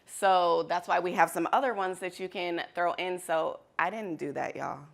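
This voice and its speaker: A woman with a low, gravelly voice leads a workshop in front of a room of people. She talks candidly and with animation, and she laughs easily. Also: normal speed. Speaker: workshop facilitator. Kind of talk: interactive workshop talk. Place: conference room with an audience.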